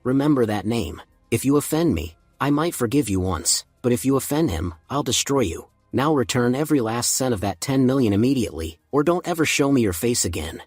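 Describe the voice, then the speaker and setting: A stern, powerful businessman, read by a man in a narrated comic recap, commanding toward his staff. The voice is slightly husky and close, with no room sound. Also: medium pitch, sing-song, fairly quick, few pauses, a little mellow, dry recording, faint music behind.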